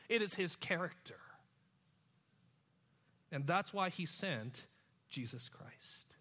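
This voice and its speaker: Male preacher with a high, bright tone who works through the text verse by verse, punching some lines and hushing others. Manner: expository preaching, swings between loud emphasis and hushed low asides. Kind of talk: sermon.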